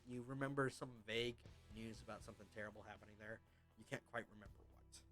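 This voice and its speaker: Guy running a tabletop game, bright voice, faint music behind. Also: on the low side, fairly even intonation, fast. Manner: loose, filler-heavy narration. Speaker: game master.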